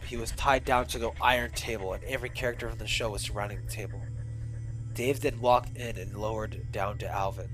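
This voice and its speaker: A male streamer reading a creepy fan story aloud, animated and full of swearing asides. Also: fairly low pitch, low-quality recording.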